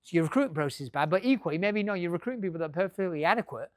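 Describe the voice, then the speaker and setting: A man's voice: high-pitched, lively intonation, rapid-fire, dry recording, clean studio sound. A middle-aged man giving a business talk to a live audience, joking and swearing freely. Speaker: business speaker.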